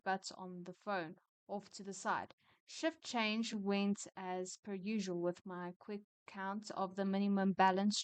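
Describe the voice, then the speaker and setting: Woman storyteller, smooth clear tone, dry close sound, chatty and quick to vent. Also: medium pitch, no room sound. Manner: opinionated, chatty, quick to rant. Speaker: storyteller reading retail stories. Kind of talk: casual story reading with commentary.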